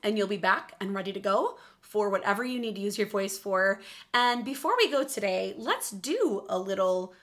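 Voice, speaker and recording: A woman vocal coach leading a warm-up lesson at the piano, encouraging and upbeat. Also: medium pitch, lively intonation, normal speed. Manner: encouraging, upbeat, talks while playing piano.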